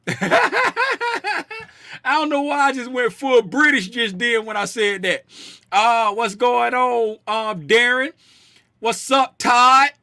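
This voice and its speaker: A man's voice: very high-pitched, pushed and bright, no room sound, clean studio sound. A man hosting a casual livestream, joking around and greeting chat viewers by name. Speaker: livestream host and trading educator.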